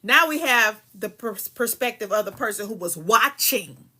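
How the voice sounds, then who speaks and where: A woman's voice: medium pitch, lively intonation, normal speed, sharp tone, breathy edge. A woman hosting a podcast, reading a legal filing aloud and breaking off into profane, heated commentary. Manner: profane, heated, emphatic asides between read passages.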